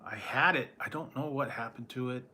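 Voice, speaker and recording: With a bright, forceful, mid-range voice and a fairly quick pace, a food reviewer chats casually while reading live chat. He's nostalgic, rambles, trails off and restarts, and chuckles often. There's a little hiss or hum on the recording.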